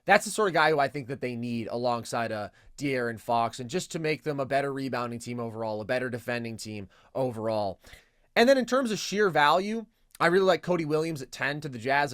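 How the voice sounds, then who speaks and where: A man's voice: mid-range voice, fairly bright tone, no echo, studio quality. A man co-hosting a podcast, talking in a casual analytical way and listing traits fluently and with confidence. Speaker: podcast co-host.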